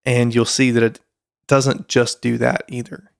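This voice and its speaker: A man's voice: medium pitch, level tone, a little slow, gravelly, clean tone, no echo, studio quality. A man, co-hosting a casual podcast, rambling with fillers and restarts. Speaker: podcast co-host.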